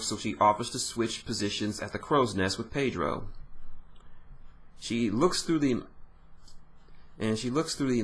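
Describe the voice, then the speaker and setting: A man's voice: lowish voice, a bit bright. A man giving an informal, rambling recap of a manga chapter, often correcting himself.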